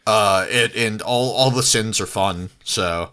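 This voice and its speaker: A man's voice: fairly low pitch, slow pace, pushed and bright, clean tone. A man bantering in a joking, laid-back way during a casual podcast chat.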